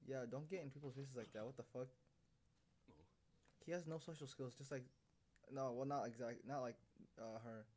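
A man's voice: medium pitch, moderate pace, long pauses, darkish tone. A young man casually reacting to an anime episode, swearing and laughing often. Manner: loose, profane, laughing asides.

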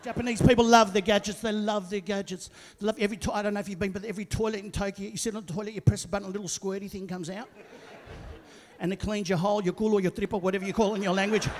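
Middle-aged guy doing stand-up on a big theatre stage, high voice, loud and animated, long echo off the hall. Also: rapid-fire. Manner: loud, animated, shouting punchlines and playing quoted voices. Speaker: stand-up comedian. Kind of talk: stand-up comedy routine. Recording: live theatre with long reverb.

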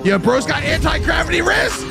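A man streaming casual reaction commentary on memes, excitable and loud at times. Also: extremely high pitch, normal speed, creaky, over music. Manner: excitable, shouts and laughs at clips.

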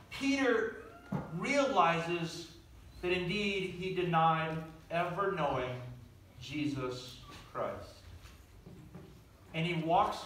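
Pastor, male, high-voiced, lively storytelling sermon, roomy distant church sound. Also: a little hiss or hum. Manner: animated, asks the audience questions. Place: church sanctuary. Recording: echoey room, from far off.

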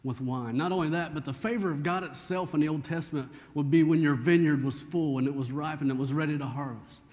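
A man's voice: a little high, fairly even intonation, fast talker, a little mellow. A man, preaching a sermon as pastor in a folksy, conversational storytelling way. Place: church sanctuary. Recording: church hall reverb.

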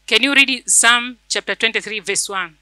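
A woman's voice: on the high side, normal speed, bright, forceful tone, no room sound, poor audio. A woman church elder, preaching a fervent sermon and telling a personal testimony, repeating phrases for emphasis.

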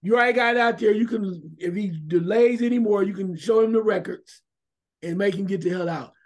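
A man with a notably high voice talks sports on the radio. He is emphatic and animated, and he breaks into shouts to drive his points home. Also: fairly quick. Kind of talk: opinionated sports talk radio.

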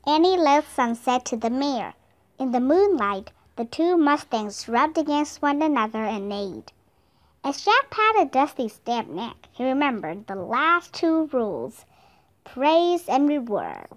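A woman whose first language is Vietnamese narrating a children's storybook. She reads slowly and clearly, with a lively, sing-song pitch. Her voice sits a little high. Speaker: storybook reader.

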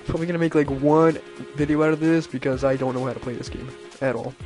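A man narrating a game run with goofy, self-mocking chatter. His voice sits high and leaps even higher into squealing screams whenever things go wrong. Faint music plays underneath. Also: brisk. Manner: excitable, shrieking high-pitched yelps at failures; silly self-mocking banter. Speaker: gameplay commentator. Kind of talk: let's-play commentary.

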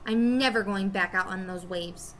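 A woman's voice: medium pitch, normal speed, a bit bright, a little hiss or hum, voice pushed down, natural voice. Woman reading as a sulky, snappish young boy. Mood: muttering. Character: stubborn, easily upset young boy.

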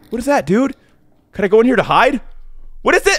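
A man playing a horror game and commenting nervously, yelling when scared and joking to cover his fear. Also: extremely high pitch, big pitch swings, a little fast, no room sound. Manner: yells and screams when scared. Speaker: let's play gamer.

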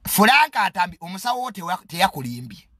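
A Ugandan man delivers a mocking, boastful comedy monologue with English words dropped in. His voice sits fairly high and swings widely in pitch, with a sharp, forceful edge. The sound is dry and close. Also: very animated, brisk, no echo.

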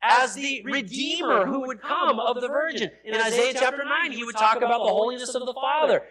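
A man pastor giving a sermon, teaching at length and then rising to near-shouts to stress his points. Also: extremely high pitch. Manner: explanatory teaching with repeated phrases and fillers. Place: church sanctuary. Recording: noisy sanctuary recording with crowd sound, poor audio.

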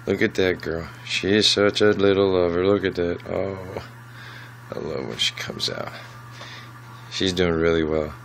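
Low-voiced guy chatting about his reptiles at home, soft and doting, a bit of faint background hum. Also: fairly even intonation, a little slow, vocal fry, rough recording. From United States. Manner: affectionate, coos softly to his lizards. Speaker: reptile keeper. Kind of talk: casual vlog with pet updates. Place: at home among reptile enclosures.

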